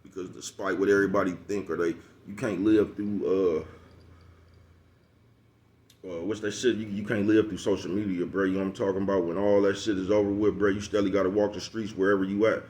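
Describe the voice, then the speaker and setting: A man's voice: sits low, flat delivery, fairly quick, a little mellow. A man giving a casual, profane advice monologue, preaching to his listeners and leaning on repeated asides like "you know what I'm talking about". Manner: slangy, calls listeners bruh and folks. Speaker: vlogger giving street advice.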